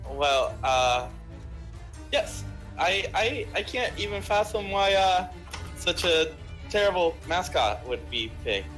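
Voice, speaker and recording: A man's voice: medium pitch, animated, unhurried, long pauses, a bit bright, soft background music. A man voicing a flustered young dad in a tabletop game, stammering and hesitant.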